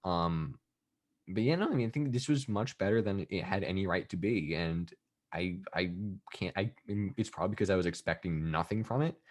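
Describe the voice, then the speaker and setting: A man's voice: low voice, lively intonation, a little fast. A man co-hosting a wrestling podcast, rambling with many restarts and "I mean"s. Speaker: podcast co-host. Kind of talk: casual chat.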